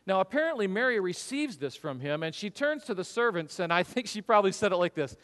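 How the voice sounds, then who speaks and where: Male pastor, high and very animated delivery, sermon in a reverberant church hall. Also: quick pace, hardly any pauses. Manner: animated storytelling, acts out voices.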